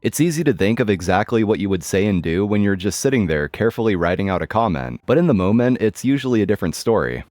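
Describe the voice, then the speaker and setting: A man's voice: fairly low pitch, very animated, quick pace, hardly any pauses, darkish tone, dry recording. A man reading a first-person story in a wry, matter-of-fact scripted narration. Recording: dry close mic with music bed.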